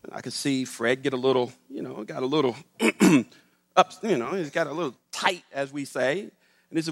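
A middle-aged man, a professor, telling a story to an audience in an animated way and acting out the voices. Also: medium pitch, moderate pace, vocal fry. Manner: animated, acts out the voices in his stories. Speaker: professor giving a talk. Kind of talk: storytelling public talk. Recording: long hall reverb.

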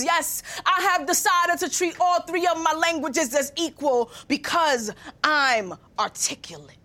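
A woman's voice: very high voice, measured pace, pushed and bright, a little hiss or hum. A young woman performing a spoken word poem on stage, with a rhythmic, rhyming delivery that moves between registers. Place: stage before a live audience.

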